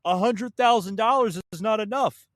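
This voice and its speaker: A man's voice: sits high, moderate pace, no echo, studio quality. Heated sarcastic male podcast host. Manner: heated, sarcastic, swears, addresses folks. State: a little winded. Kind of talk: opinion podcast rant.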